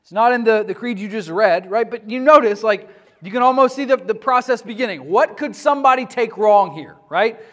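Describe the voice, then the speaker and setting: A man's voice: high-pitched, brisk, fairly bright tone. A man lecturing a class on church history in a conversational way, often asking the students questions.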